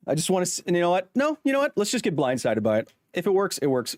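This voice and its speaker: Male streamer, animated and chatty, dry close-miked sound, self-interrupting. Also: high voice, no echo. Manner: rambling, self-interrupting, quick to laugh. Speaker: live streamer. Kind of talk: casual live-stream chat.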